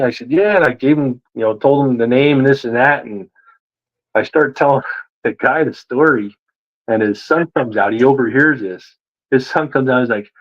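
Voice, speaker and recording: A man telling a story in a casual interview, animated and acting out the voices of the people he quotes. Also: mid-range voice, muffled recording. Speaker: guest.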